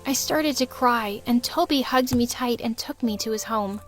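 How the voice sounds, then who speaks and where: A young woman narrating a first-person storytime in a dramatic, expressive way. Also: on the high side, normal speed, soft background music.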